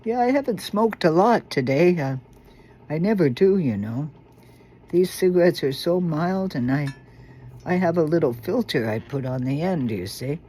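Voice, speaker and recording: An older woman talking casually to her viewers in a halting, rambling way, full of fillers and restarts. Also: low-pitched, a little mellow, a little hiss or hum. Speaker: vlogger.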